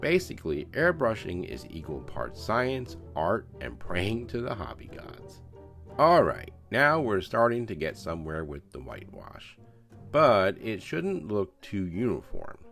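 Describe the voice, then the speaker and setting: Deep gravelly man, joking. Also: wildly swooping pitch, unhurried, a bit bright, faint music behind. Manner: joking, self-mocking banter. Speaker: scale model builder. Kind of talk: voice-over narration of a hobby build.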